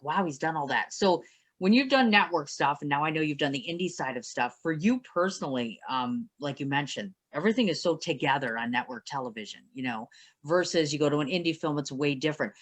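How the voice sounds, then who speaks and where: A woman's voice: low-pitched, fairly bright tone. A woman hosts a casual interview, asking long, winding questions. She sounds enthusiastic and exclaims freely as she talks. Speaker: interview host.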